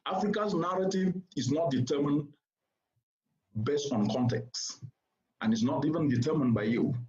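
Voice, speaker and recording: Speaking in an emphatic, oratorical manner, a man gives a formal keynote address to a seated conference audience, repeating points for emphasis. His voice is on the high side with a darkish tone and moderate pace, recorded with roomy, slightly dull sound.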